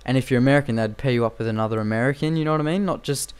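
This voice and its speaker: A man's voice: medium pitch, rapid-fire, clean tone. Rambling young man commentating a game. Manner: rambling and repetitive, with frequent fillers. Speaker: gameplay commentator.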